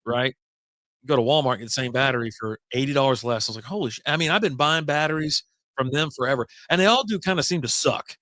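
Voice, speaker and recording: A man's voice: mid-range voice, fast, sharp tone, no echo. A man hosting a casual beer-chat podcast, telling rambling stories that jump from topic to topic and cursing casually. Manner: rambling, jumps between stories, swears casually. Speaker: podcast host.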